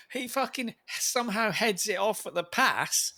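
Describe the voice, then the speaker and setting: A man co-hosting a casual film-review podcast, excitable, laughing often and swearing freely. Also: high voice, takes it slowly. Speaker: podcast co-host.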